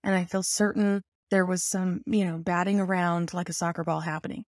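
A woman telling a personal story in an animated, self-mocking way, full of rambling asides. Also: lowish voice, brisk, dry recording, studio quality.

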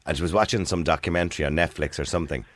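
A man's voice: low-pitched, racing, no echo, clean studio sound. A man in his forties with an Irish accent, hosting a radio phone-in in casual, joking chat and laughing often. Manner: jokey, laughs often, lively. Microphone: studio microphone.

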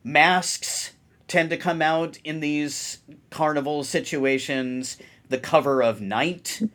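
A man's voice: on the high side, slow pace, a bit bright. A man co-hosting a podcast and explaining ideas in a thoughtful, casual way. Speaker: podcast co-host. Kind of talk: casual chat.

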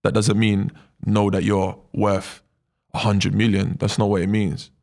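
A man, a footballer telling stories in a casual interview, animated and full of tag questions. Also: on the low side, measured pace, vocal fry. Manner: animated storyteller, many fillers and tag questions. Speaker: footballer guest.

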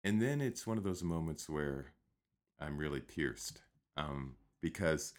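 Low-voiced guy telling a travel story, laid back, lots of ums. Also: measured pace. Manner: relaxed, anecdotal, with um fillers and restarts. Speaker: guest teacher. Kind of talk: storytelling in conversation.

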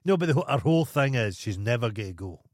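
A man's voice: mid-range voice, big pitch swings, quick pace, dry recording, clean studio sound. A Scottish man co-hosting a podcast in casual chat, swearing freely and ranting with indignation. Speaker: podcast co-host.

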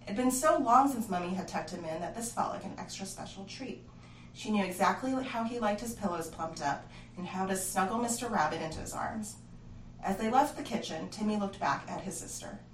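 Hushed woman telling a horror story. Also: medium pitch, brisk, slight background noise. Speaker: narrator. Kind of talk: storytelling narration. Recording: roomy, distant mic, faint ambience.

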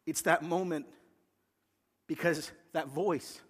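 A man's voice: a little high, steady tone, slow, a bit bright, husky, long reverb tail. A man preaching a sermon, retelling a scripture story dramatically and acting out the voices of its figures. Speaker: pastor.

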